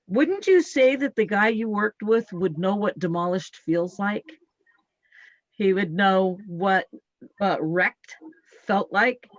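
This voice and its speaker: A woman's voice: fairly high pitch, fairly bright tone, dry recording, lo-fi sound. A woman hosting a live talk show, earnest and explaining by acting out what she tells herself. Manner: earnest, explains by acting out her inner speech.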